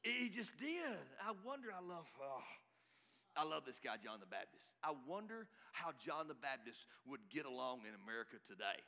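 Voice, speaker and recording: A high-voiced man preaches a sermon in a bright, forceful tone. He builds emphatically and breaks into shouts at his peaks. His voice rings out with a long hall reverb. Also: sing-song, normal speed. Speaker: pastor.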